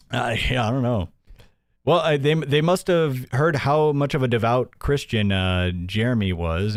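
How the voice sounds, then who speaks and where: A man's voice: mid-range voice, no echo, studio quality. A man hosting a casual livestream news show, sarcastic and mocking, reading viewer donations aloud.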